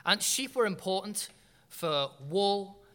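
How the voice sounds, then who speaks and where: A man preaching a sermon, telling a humorous story with dramatic pauses before moving into Bible teaching. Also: high-pitched, lively intonation, bright, forceful tone, clean tone, in a large hall.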